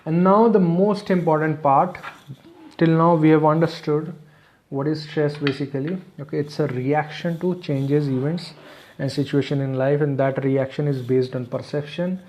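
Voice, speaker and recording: A man's voice: a little high, fairly even intonation, normal speed, darkish tone, a little hiss or hum. A man presenting a webinar lecture, explaining step by step, repeating his phrases and checking in with "okay". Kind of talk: online lecture.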